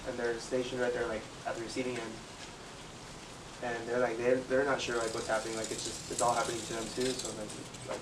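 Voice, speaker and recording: Young male interviewee, casual storyteller, loose and filler-heavy, mid pitch, recorded far from the mic in a noisy space. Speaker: security guard interviewee. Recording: distant mic with clear background noise.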